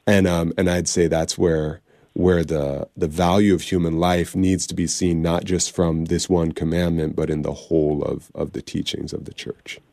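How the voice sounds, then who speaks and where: A man hosting a call-in radio show, slightly under the weather, answering callers in a lively way with many restarts. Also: sits low, normal speed, vocal fry, no echo, clean studio sound. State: slightly ill, recovering cold. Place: radio studio.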